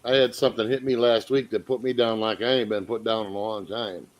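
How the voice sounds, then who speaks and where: A man's voice: on the low side, fairly even intonation, a little fast, lo-fi sound. A man chatting casually as a stream guest, laid-back and crude, peppering his talk with dude. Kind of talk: casual livestream chat.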